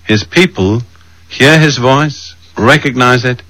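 A man preaching a sermon, measured and emphatic, slowing down to read scripture verses aloud. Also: medium pitch, bright, forceful tone, no echo, poor audio.

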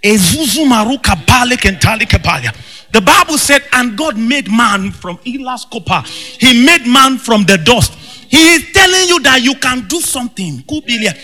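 A man preaching a fervent sermon, shouting in bursts and breaking into tongues. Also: very high voice, big pitch swings, measured pace. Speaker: pastor. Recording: long reverb with faint music.

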